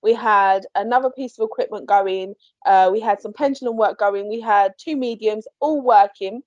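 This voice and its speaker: A woman, a paranormal investigator, telling a story in a chatty, animated way on a podcast, quick to laugh. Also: mid-range voice, dry recording. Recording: dry, slightly muffled podcast audio.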